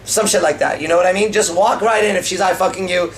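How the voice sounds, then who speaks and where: A man's voice: sits high, fast talker, slight background noise. A man coaching on dating in a casual seminar, swearing freely and acting out pickup lines as he explains them. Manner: profane, animated, acts out pickup lines.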